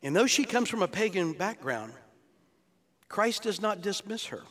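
A man's voice: high voice, big pitch swings, moderate pace, fairly bright tone. A male pastor preaching an expository sermon, explaining scripture in an earnest teaching tone that builds to emphatic peaks. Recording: long reverb of a large hall.

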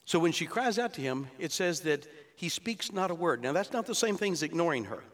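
A man's voice: fairly high pitch, animated, a little fast, a bit bright. A male pastor preaching an expository sermon, explaining scripture in an earnest teaching tone that builds to emphatic peaks. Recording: long reverb of a large hall.

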